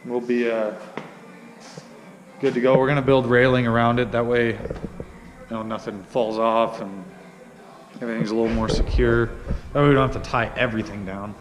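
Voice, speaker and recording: Hiccuping as he goes, a man loosely walks through his truck build in a workshop, full of fillers and restarts. His medium-pitched voice is level and moderately paced with frequent pauses, captured in a large hall on a low-quality recording.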